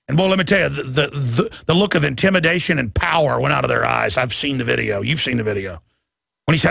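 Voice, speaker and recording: An impassioned man in his thirties rants through a talk radio monologue. His voice is gravelly and sits a little high, with a sharp, forceful edge. The studio sound is dry and close. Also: lively intonation, a little fast, dry recording. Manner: impassioned, ranting, mimics others in quoted voices. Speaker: radio host.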